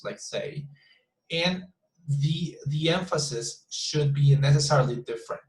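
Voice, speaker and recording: A man's voice: a little high, reverberant, low-quality recording. A man teaching an English class over a video call, repeating words as he searches for them and modeling sentences with exaggerated stress.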